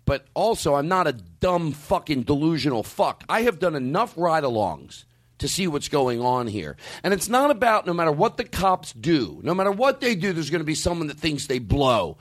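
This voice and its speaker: A man's voice: fairly high pitch, very animated, moderate pace. A man hosting a podcast, talking in a rambling, profane way with many restarts. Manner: rambling, swearing, stops and restarts. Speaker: podcast host. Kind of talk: casual podcast chat.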